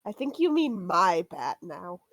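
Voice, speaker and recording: A woman's voice: fairly low pitch, big pitch swings, measured pace, no room sound, heavily acted. A woman voicing a surly, defiant young woman who answers with cold taunts in a tabletop game.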